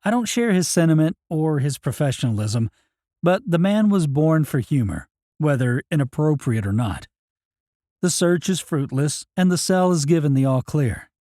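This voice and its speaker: A man reads a first-person audiobook in a plain, matter-of-fact manner. His voice sits a touch high yet sounds warm and mellow, recorded close and dry in a studio with no room echo. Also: very animated, moderate pace. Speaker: audiobook narrator.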